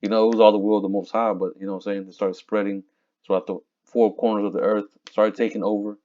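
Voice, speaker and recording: A man teaching from scripture in a casual, conversational way, reading verses slowly and looking up words aloud. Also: on the low side, level tone, dark tone. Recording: dull lo-fi recording.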